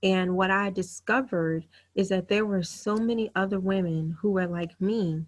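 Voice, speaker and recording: Her voice sits in the mid-range with fairly even intonation as she hosts a webinar from her computer mic. In her thirties, she tells her own story earnestly, candidly and with emotion, punctuated by quick self-quotes.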